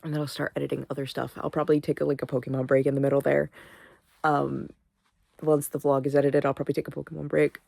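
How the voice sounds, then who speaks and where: Young woman, vlogger, sleepy, sniffly, rambling, swearing, dry close sound, low voice. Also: little pitch movement, quick pace, gravelly, warm tone, dry recording. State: sleepy, yawning; sniffly, congested. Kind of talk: casual vlog chat.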